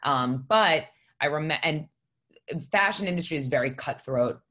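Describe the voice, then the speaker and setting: A woman's voice: deep voice, expressive, measured pace, a bit bright. A woman guest on a podcast, telling her story in a candid, rambling way and swearing for emphasis. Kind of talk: casual podcast conversation.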